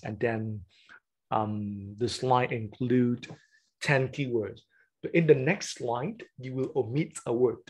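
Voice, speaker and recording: A man's voice: medium pitch, darkish tone, breathy edge. A man whose first language is Vietnamese, running an online teacher-training session over a webcam and explaining classroom games step by step.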